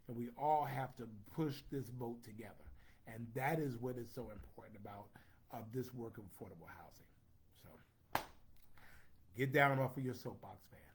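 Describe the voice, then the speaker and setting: A man's voice: mid-range voice, slightly rough. Chatty man reading comments. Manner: chatty, playful, reads out names. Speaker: host reading viewer comments. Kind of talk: casual livestream chat.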